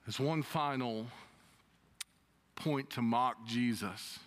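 A man preaching a sermon, reading scripture and retelling it with expressive rises and drops. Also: slow. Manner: expressive preaching with dramatic pitch swings when quoting scripture. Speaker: pastor.

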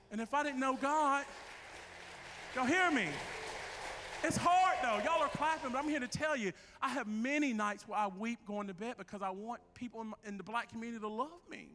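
A man preaching a passionate sermon to his church as its minister, at times shouting. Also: very high voice, in a large hall. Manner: impassioned preaching, rising to shouts. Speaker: pastor. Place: church sanctuary.

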